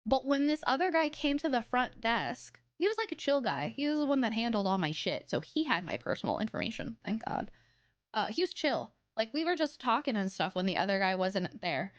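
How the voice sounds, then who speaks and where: Young female streamer, bright high voice, rambling animated storytelling with swearing. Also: fairly quick, muffled recording. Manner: animated, profane, rambling with many restarts. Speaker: live streamer. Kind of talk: casual storytelling to stream chat.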